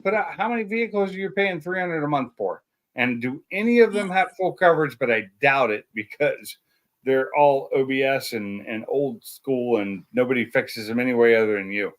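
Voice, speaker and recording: A man's voice: mid-range voice, animated, normal speed. A man hosting a casual livestream chat, talking bluntly and swearing freely. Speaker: livestream host.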